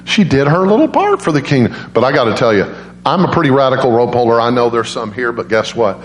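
Male preacher, animated storyteller, mid-pitched voice, roomy church echo. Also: fast talker, a little hiss or hum. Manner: animated, jumps into high voices for quoted grandmas. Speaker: guest preacher. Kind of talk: storytelling sermon.

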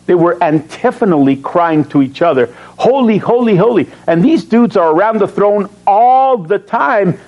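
Lively preaching man, quick-paced. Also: high voice, muffled recording. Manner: animated, asks the congregation questions and answers himself. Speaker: pastor. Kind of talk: sermon.

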